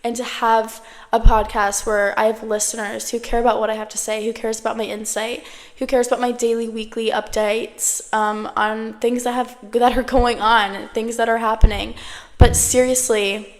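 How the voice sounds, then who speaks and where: A woman's voice: on the high side, flat delivery, moderate pace. Chatty young woman, reverby room. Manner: chatty, peppered with "like" and swearing. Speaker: podcast host. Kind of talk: casual solo chat to camera. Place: at home, indoors. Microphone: camera.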